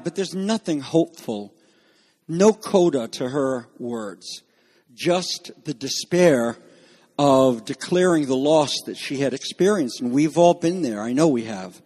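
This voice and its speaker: A man preaching an expository sermon in a measured teaching manner, acting out the quoted lines. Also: on the high side, lively intonation, a little mellow, in a large hall.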